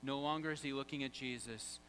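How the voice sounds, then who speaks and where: A pastor preaching a sermon, animated, swinging from loud to hushed and quizzing the congregation. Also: male voice, mid-range voice, a little fast, slight background noise, poor audio.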